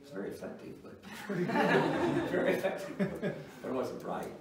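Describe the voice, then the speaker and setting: Heavy background noise surrounds the older man as he teaches his informal church class about parenting in an unhurried way. His high voice swoops wildly in pitch, and he chuckles at his own folksy, wry stories. The mic is far off in an echoey room.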